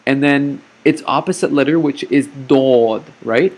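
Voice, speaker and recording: Man, teacher, gravelly voice, mid pitch, patient explanations, computer mic recording. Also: a little mellow. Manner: patient, explains slowly, frequent "okay?" check-ins. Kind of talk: recorded lesson over slides.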